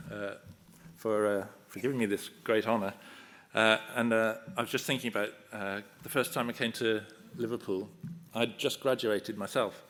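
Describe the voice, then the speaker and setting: A man's voice: fairly low pitch, a bit bright. An older man giving a self-deprecating, humorous acceptance speech at a ceremony, telling anecdotes on a podium microphone in a hall. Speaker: honorary award recipient.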